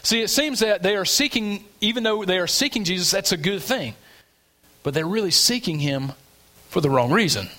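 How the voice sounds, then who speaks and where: Man, preacher, verse-by-verse sermon, earnest teaching tone, fairly high pitch, bright tone. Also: expressive, normal speed. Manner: earnest, explanatory, with frequent restarts.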